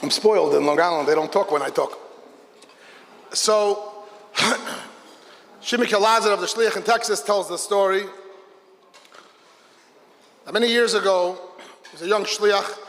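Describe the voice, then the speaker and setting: A man, a rabbi, telling a story at a Hasidic gathering, lively and acting out the people in it. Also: sits high, unhurried, creaky, long pauses. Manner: animated, voices characters in the story. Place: large hall with a gathered audience. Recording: long hall reverb.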